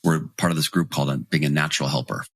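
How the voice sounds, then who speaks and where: A man in his forties telling lively stories as a podcast guest, acting out the people he quotes. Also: very deep voice, very fast, slightly rough, no echo, clean studio sound. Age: 40s. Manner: animated storyteller, acts out quoted voices. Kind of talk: storytelling in podcast interview.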